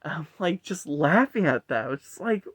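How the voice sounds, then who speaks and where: A man's voice: fairly high pitch, big pitch swings, normal speed, slightly rough, dry recording, studio quality. A man giving a casual, rambling film review full of swearing and frequent laughter. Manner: rambling, profane, laughs often. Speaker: movie reviewer.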